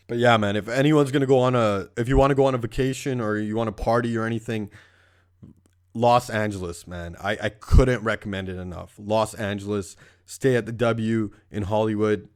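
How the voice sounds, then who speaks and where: A man's voice: on the low side, a little mellow. A young man from Canada hosting a casual, rambling podcast, full of swearing and laughing as he tells stories. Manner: profane, laughing storyteller. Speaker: podcast host.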